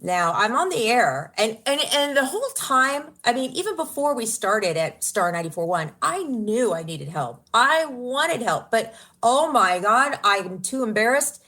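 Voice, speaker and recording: A little high and sing-song, her voice sounds pushed and bright, a little slow yet with hardly any pauses. She's a radio personality guesting on a podcast, earnestly telling her story in an interview, emotional, laughing and exclaiming in bursts.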